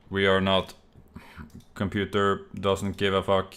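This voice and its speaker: A man's voice: deep voice, monotone, takes it slowly, a bit bright. A young man streaming on his own, rambling and exasperated, full of fillers and restarts. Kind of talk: casual solo stream talk.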